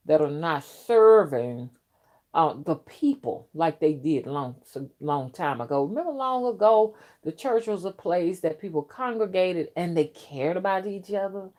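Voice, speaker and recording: A woman with a somewhat low voice hosts a loose late-night livestream. She talks in a chatty, emphatic way while chewing gum. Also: a little mellow. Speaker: host of a spiritual channel.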